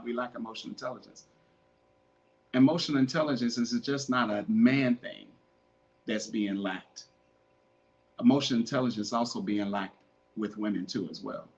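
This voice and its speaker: The audio is dull, and the podcast host's voice is medium in pitch. Casual but preachy, he repeats his earnest relationship advice and keeps calling his listeners "man."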